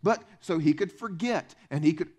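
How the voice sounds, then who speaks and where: A man preaching a sermon as pastor in a church, animated and conversational, acting out the voices of the people in his stories. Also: moderate pace, slightly rough. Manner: animated, acts out quoted voices with big pitch swings.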